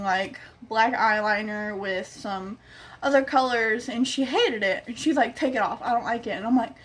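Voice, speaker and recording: A woman's voice: on the high side, a bit bright. A young woman vlogger telling a casual story, chatty, acting out the quoted lines and swearing freely.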